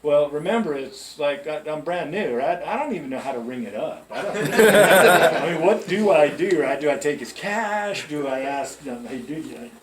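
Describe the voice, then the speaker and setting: With a crowd audible behind him, a man whose voice is on the high side talks animatedly at a moderate pace with few pauses. He's giving new music-store staff a storytelling pep talk, full of chatty anecdotes and check-ins with his listeners. The large, echoey store is recorded from far off.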